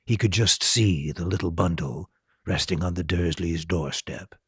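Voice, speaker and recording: A man reading a storybook aloud as host, slow and expressive. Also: low-pitched, slightly rough, no echo, studio quality.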